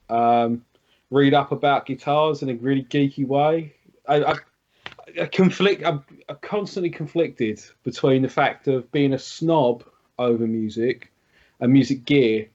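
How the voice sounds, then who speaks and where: A man's voice: mid-range voice, a little mellow. A man, a guitarist guest, chatting casually on a podcast, self-mocking and geeky about gear. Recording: dull lo-fi recording.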